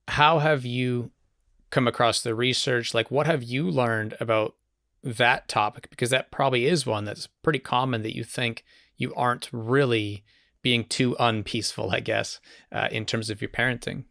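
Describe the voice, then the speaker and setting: A man's voice: medium pitch, fairly bright tone, dry recording, studio quality. A man hosting a podcast interview, reflective and thinking aloud with small hedges. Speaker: podcast host. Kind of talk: conversational interview.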